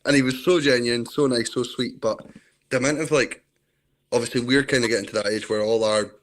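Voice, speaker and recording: A man's voice: mid-range voice, steady tone, fairly quick. A Scottish man from Scotland, chatting as an interview guest on a video call, telling rambling stories. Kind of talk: casual chat.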